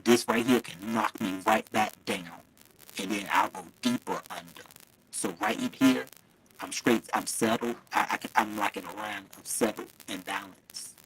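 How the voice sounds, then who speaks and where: Fairly low-pitched and fairly bright, this man speaks at a moderate pace over slight background noise in poor audio. He hosts a casual live stream, chatting warmly with viewers and laughing a lot, using a phone mic held too close at the start.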